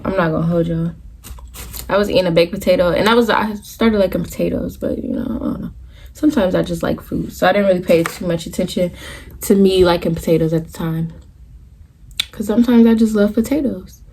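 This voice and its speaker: This vlogger in her twenties has a fairly low, gravelly, slightly mellow voice. She tells viewers a casual, candid, profane story, rambling in loose run-on asides and going back to restart it.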